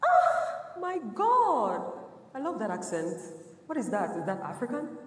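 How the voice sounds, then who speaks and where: A woman voicing a gushing, ignorant young woman who asks condescending questions in a shrill voice. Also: wildly swooping pitch, unhurried, reverberant, long reverb tail, distant mic, exaggerated voice.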